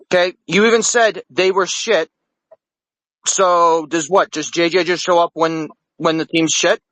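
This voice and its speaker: A man's voice: fairly high pitch, fairly even intonation, unhurried, fairly bright tone, dry recording. A man calling in to a podcast segment, playfully arguing his point. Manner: playful, argumentative. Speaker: segment regular, caller. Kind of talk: casual call-in banter.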